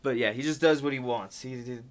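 A man co-hosting a comics podcast in casual chat, animated and swearing often, sometimes acting out lines loudly. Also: mid-range voice, fairly quick. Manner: animated, swears a lot, acts out quotes loudly. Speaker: podcast host.

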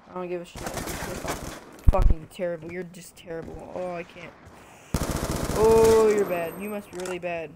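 A young woman streaming a shooter game live, cursing and breaking into sudden shouted outbursts. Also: on the low side, very noisy. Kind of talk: live gameplay commentary. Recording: loud gunfire over the voice. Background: loud game gunfire and explosions.

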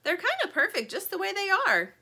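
Woman reader as a timid little chick, very high, hesitant, soft-spoken. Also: wildly swooping pitch, a little fast, vocal fry, exaggerated voice. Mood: shy. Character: shy, polite little female chick.

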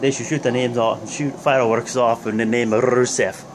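A man's voice: medium pitch, fairly even intonation, normal speed. A young man hosting a wrestling review vlog, recapping casually in a rambling, joking way with lots of fillers. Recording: noisy background hum.

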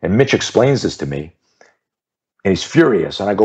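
Self-defense instructor, man in his 50s, very low voice, animated and emphatic interview storyteller. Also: normal speed, breathy edge, highs cut off. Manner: animated storyteller who acts out the voices of people in his anecdotes; emphatic, repeats key phrases for effect.

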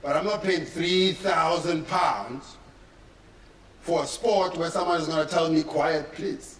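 Performing stand-up on a comedy venue stage, a South African man with a voice on the high side tells stories a little slowly, acting out quotes as he goes. The room sounds echoey and far off, audience laughter rings out loudly, and there's a slight hiss or hum.

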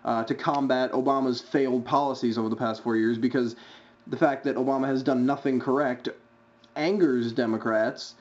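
Halting man, dull lo-fi commentary. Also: mid-range voice, fairly even intonation, darkish tone. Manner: halting, many uh's. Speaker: video uploader commenting on a clip. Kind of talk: casual opinionated commentary.

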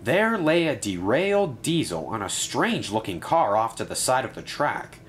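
Man narrating a storybook, animated. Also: medium pitch, normal speed.

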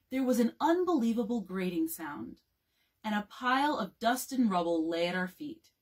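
Husky-voiced woman reading a bedtime story. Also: medium pitch. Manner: expressive, calm read-aloud narration. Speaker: librarian.

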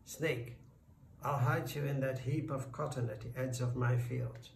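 A man's voice: medium pitch, steady tone, measured pace, gravelly. A man voicing a kind but frightened farmer who pleads for his life, in a storybook tale. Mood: anxious. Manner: anxious, pleading. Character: frightened, kindly male farmer. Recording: roomy, distant, faint noise.

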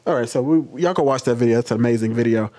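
A man hosting his own channel, giving casual commentary to camera in an animated, passionate way. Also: medium pitch, quick pace. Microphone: webcam.

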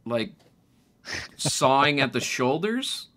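A man's voice: medium pitch, very animated, slow pace, sharp tone, a little hiss or hum. A man running a tabletop game as game master, describing scenes hesitantly with many fillers and restarts.

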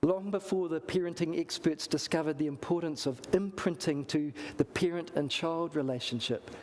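A man's voice: on the high side, in a large hall. A man with a New Zealand accent, preaching a sermon in a church and acting out the voices in his story. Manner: storytelling, acts out quoted voices.

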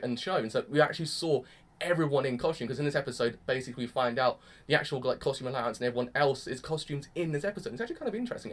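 A young man rattles off an excitable, gushing anime review at a rapid clip. His voice sits a bit high for a man, and his casual, enthusiastic talk is full of "freaking".

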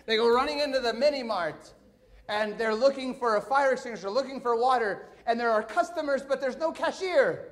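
A middle-aged man, a pastor, telling a story in a sermon, animated and swinging from hushed to excited. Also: very high-pitched.

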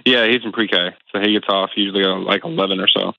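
A man calling in to an advice show, speaking candidly in halting phrases over a dull phone line. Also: fairly low pitch, fairly even intonation, vocal fry, no echo. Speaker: caller. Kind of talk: phone-in conversation.

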